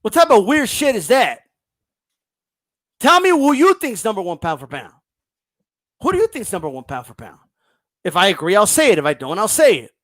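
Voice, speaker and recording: A man's voice: sits high, sing-song, normal speed, long pauses, a bit bright, no echo. A man hosting a casual boxing livestream, ranting bluntly and profanely and reading viewer comments aloud.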